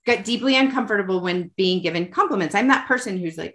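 Fast-talking and animated, this woman has a medium-pitched, slightly bright voice as she chats candidly as a podcast guest from home. Her manner in this personal conversation is emotional and self-mocking.

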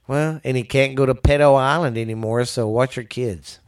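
A man's voice: medium pitch, normal speed, clean tone. A man hosting a casual talk show, ranting bluntly with lots of swearing.

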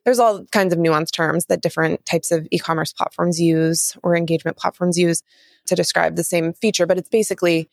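A woman co-hosting a podcast in casual chat, animated and gushing, laughing between phrases. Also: on the low side, fairly quick, vocal fry, dry recording, clean studio sound. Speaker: podcast co-host.

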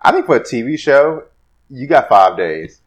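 Here a podcast co-host with a medium-pitched, very animated voice talks at normal speed. He keeps the conversation casual, ribbing his friend with playful jokes.

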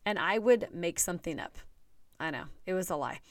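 A woman's voice: on the low side, expressive, brisk, dry recording, studio quality. A woman coach giving a chatty, earnest motivational talk straight to her viewers.

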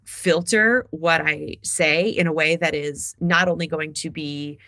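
Woman, 30s, from Ohio, interview guest, playful, laughs a lot, bright voice, dry close sound. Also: low-pitched, unhurried, no room sound. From Ohio, USA. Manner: animated and playful, laughing often. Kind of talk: casual interview chat.

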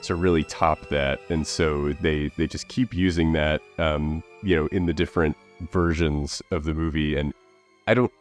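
Low-voiced man rambling about movies. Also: steady tone, normal speed, faint music behind. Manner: rambling, many fillers and restarts. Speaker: podcast co-host reviewing movies. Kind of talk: casual movie review chat.

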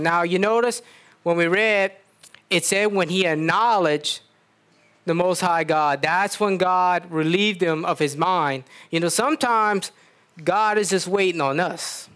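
A man's voice: sits high, a little slow, fairly bright tone, clean tone. A man with a South Louisiana accent preaching a sermon in a folksy, storytelling way, often stopping to restart.

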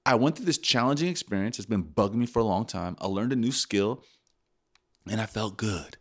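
A young man co-hosting a casual podcast tells stories in a fairly low voice at a fairly quick pace. He's an animated storyteller who acts out his own reactions.

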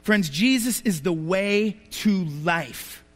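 A man with a high, light voice preaches to his congregation, spinning anecdotes and tossing out rhetorical questions. His words ring out with a long reverberant tail, as if spoken in a large church sanctuary. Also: expressive, slow pace. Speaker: pastor. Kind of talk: sermon. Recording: reverberant hall.

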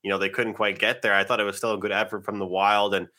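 A man's voice: fairly low pitch, little pitch movement, quick pace, sharp tone. A man co-hosting a sports betting podcast, chatty and loose, full of "you know" and restarts. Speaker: podcast co-host.

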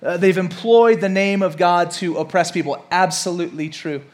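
High-voiced man preaching casually. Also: fairly even intonation, moderate pace. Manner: conversational, repeats words, asks listeners. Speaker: pastor. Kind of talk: casual sermon.

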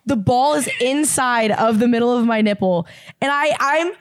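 A young woman from Indiana tells a wild story in an animated, filler-heavy, swear-laced chat. Her voice sits a bit high. The recording is dry and close, with no room sound. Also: moderate pace, no echo. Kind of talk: casual chat.

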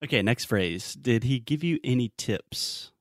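A man's voice: medium pitch, expressive, a little slow, dry recording, clean studio sound. A young man teaching English pronunciation, coaching a student in a playful, joking way. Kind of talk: casual pronunciation lesson.

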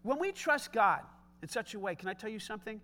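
Bright, emphatic middle-aged male pastor. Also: high voice, animated, fast talker. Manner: emphatic, conversational preaching with rising shouts. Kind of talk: sermon.

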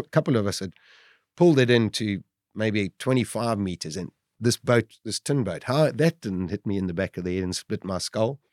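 A middle-aged man vividly telling his own survival story, with animated storytelling that rises at the dramatic moments. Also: on the low side, dry recording, clean studio sound. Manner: vivid, lively retelling, rising to shouts at dramatic moments. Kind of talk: animated first-person storytelling.

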